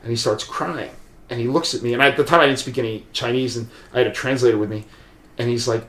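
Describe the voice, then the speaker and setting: A man speaks at an ordinary mid pitch, telling a long personal story in a loose, rambling way. He keeps restarting sentences and filling gaps with "like" and "um". The room rings with a noticeable echo. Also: steady tone, fast talker, a bit bright. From USA. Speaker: podcast guest, martial arts practitioner. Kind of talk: casual storytelling conversation. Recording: roomy echo.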